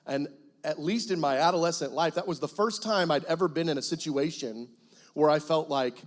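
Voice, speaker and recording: Pastor, male, slightly high voice, lively testimony sermon with jokes. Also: fast. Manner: animated storytelling, acts out his past self, jokes with the congregation. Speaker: guest pastor.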